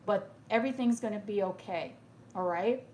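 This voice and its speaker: A woman with a mid-range voice and a darkish tone gives a live tarot reading for viewers at normal speed, with slight background noise. She sounds tearful and emotional, soothing and reassuring her audience and often checking in with "okay?"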